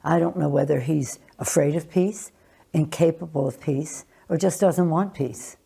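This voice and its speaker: Gravelly, husky older woman politician. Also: sits low, mellow. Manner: measured, emphatic, with restarts and pauses. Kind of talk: television interview answers.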